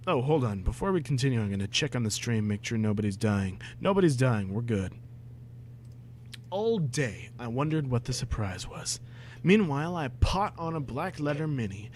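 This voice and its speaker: A young man reading a badly written story aloud, breaking off for sarcastic, exasperated asides and shouted outbursts. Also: mid-range voice, animated, normal speed, a little hiss or hum. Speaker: comedic reader. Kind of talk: dramatic reading with mocking commentary.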